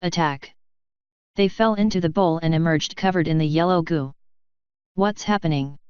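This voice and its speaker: A woman reading a fanfiction story aloud in steady storybook narration. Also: deep voice, a little fast, clean tone, no room sound. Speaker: fanfiction reader. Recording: dry, slightly muffled recording.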